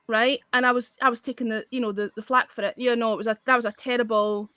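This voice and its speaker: A woman's voice: on the high side, steady tone, fast, pushed and bright, clear, resonant tone, dry recording. A woman with a Scottish accent telling a blunt, candid story in casual chat, restarting her sentences as she goes. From Scotland. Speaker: guest.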